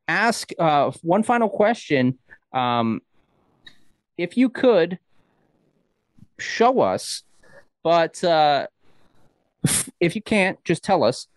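A man hosting a casual chat, upbeat and quick to chime in. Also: a little high, dry recording. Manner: lively, upbeat interjecting. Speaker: host. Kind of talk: casual video-call chat.

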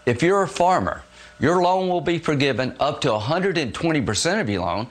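A man's voice: a little high, expressive, a little fast. A man in a played clip, explaining a policy point in an assertive, explanatory manner. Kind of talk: public statement.

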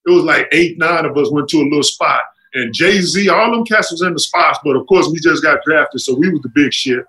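High, bright-voiced man telling stories. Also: brisk, poor audio. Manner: animated, acts out quotes with jumps in pitch. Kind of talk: casual storytelling.

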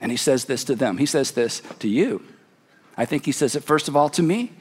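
A man preaching a sermon, retelling a story dramatically and dropping to a hush for emphasis. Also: mid-range voice, animated, fairly quick, husky, in a large hall. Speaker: pastor.

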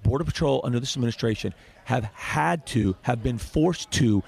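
A man's voice: mid-range voice, moderate pace, vocal fry, a little mellow, husky. A middle-aged man, a former border chief, speaking as a guest in a radio interview in an emphatic, indignant way, often repeating words.

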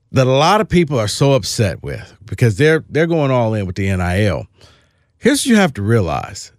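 A man's voice: mid-range voice, no echo, studio quality. A man co-hosting a sports podcast, talking in a casual, emphatic and opinionated way, often restarting his phrases.

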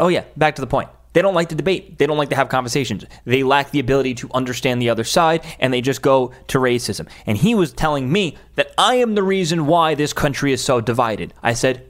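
A man's voice: mid-range voice, animated, fairly quick. A man who is a social media influencer, delivering a heated, emphatic opinion rant with frequent restarts.

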